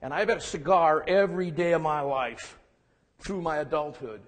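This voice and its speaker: A man voicing his gruff 98-year-old grandfather, blunt and folksy, who talks in cliches, in a room with long reverb. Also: a little high, moderate pace, lightly acted. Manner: speaks in cliches and homespun sayings.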